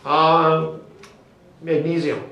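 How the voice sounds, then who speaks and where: A man's voice: a little high, level tone, very slow, vocal fry, highs cut off. A male teacher leading a classroom lesson, upbeat and coaxing, constantly checking in with "okay?" and "right?". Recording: very echoey classroom, distant mic.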